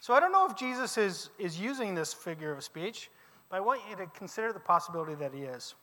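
Bright, high-voiced male teacher, animated classroom lecture with reverb. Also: fast talker. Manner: lively, questions the class, emphatic exclamations.

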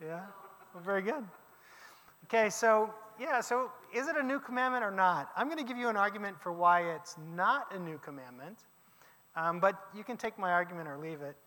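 A man teaching a class, lecturing with lively questions to his students. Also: high voice, moderate pace, in a large hall.

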